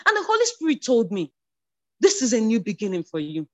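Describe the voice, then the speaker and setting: A woman giving a spoken church testimony, stumbling over restarts, then rising to emotional, near-shouted declarations. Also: fairly high pitch, huge pitch swings, fairly quick. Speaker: church member sharing a testimony.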